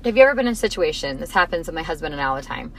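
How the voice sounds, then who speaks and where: A woman's voice: low-pitched, very fast, gravelly, a little hiss or hum, poor audio. A woman in her thirties co-hosting a casual conversation, telling family stories and acting out the lines. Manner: animated storyteller, acts out quotes.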